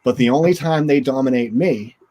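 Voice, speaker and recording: A man in his forties talks as an interview guest. His voice sits at a middle pitch, and he tells stories in a loose, chatty way, leaning on casual fillers. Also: a little fast. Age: 40s. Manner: chatty, relaxed, full of "you know" fillers.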